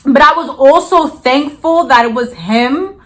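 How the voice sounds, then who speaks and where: A woman's voice: high-pitched, unhurried. A young adult woman telling a storytime vlog in a casual, blunt, profane way. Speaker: vlogger.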